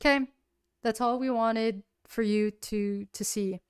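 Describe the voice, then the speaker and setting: A woman voicing a cold-headed woman crime boss in a solo tabletop game, speaking flat and matter-of-fact. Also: a little high, slow, smooth, dry recording, clean studio sound. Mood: dismissive.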